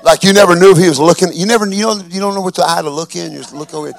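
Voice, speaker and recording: A male pastor preaching a sermon, telling a story with animation and rising to fervent shouts. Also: sits high, very fast, creaky.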